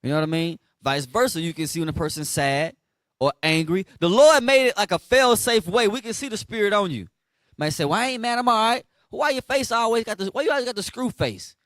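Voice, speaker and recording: A man's voice: high voice, fairly quick, no room sound. Blunt slangy man preaching. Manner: blunt, slangy, animated, asks the crowd to finish verses. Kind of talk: street sermon teaching.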